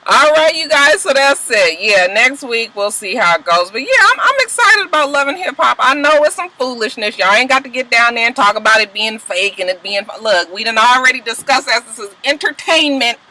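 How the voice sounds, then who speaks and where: A woman casually recapping a reality show episode for her vlog, animated and profane, acting out the quotes she describes. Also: fairly high pitch, fairly quick, few pauses, rough recording. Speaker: vlogger reviewing a reality show.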